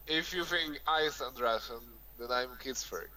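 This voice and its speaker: A man's voice: mid-range voice, a little slow, pushed and bright, slight background noise, low-quality recording. A man co-commentating a live strategy game, trading teasing jokes with the other hosts. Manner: joking, teasing banter.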